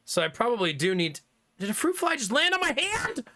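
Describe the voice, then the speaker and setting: A man streaming live, chatting casually with his viewers, animated and laughing often, with some swearing. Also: very high voice, a little fast.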